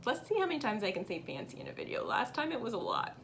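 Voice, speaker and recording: A woman's voice: on the high side, wildly swooping pitch, fast talker, a bit bright, a little hiss or hum. A woman hosting a cross-stitch vlog, chatting upbeat to camera and reading out viewer comments at home. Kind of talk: casual chat to camera.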